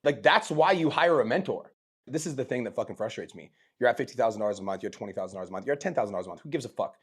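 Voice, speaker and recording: A man hosting a casual podcast, talking fast and swearing freely as he gets fired up. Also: medium pitch, expressive, breathy edge. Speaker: podcast host.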